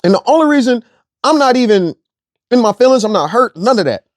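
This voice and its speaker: Young man, online commentator, blunt profane rant, high voice, dry close sound. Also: expressive, a little fast, no echo. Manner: repeats phrases for emphasis. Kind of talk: ranting monologue.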